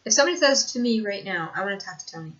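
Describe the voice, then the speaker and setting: Racing along in an expressive, mid-range, slightly bright voice, an older woman talks earnestly about her own life in a casual home vlog. She laughs a lot and repeats points for emphasis, and the home recording sounds dull and lo-fi.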